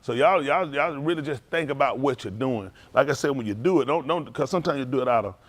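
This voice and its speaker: A male preacher with a mid-range, animated voice talks fast while delivering a humorous sermon to his congregation. He jokes, laughs often, and trades call-and-response lines with the audience in a colloquial, rambling style with many restarts.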